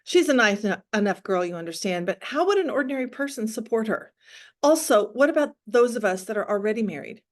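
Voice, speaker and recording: A woman reading aloud, voicing an older, practical male cobbler who talks in a low, dry, unhurried way. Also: animated, natural voice.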